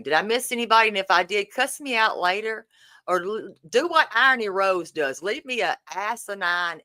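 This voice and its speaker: A woman hosts a casual livestream from a dark room at home, her low voice fairly bright in tone on a dry recording. She greets viewers in a sassy, profane and playful way.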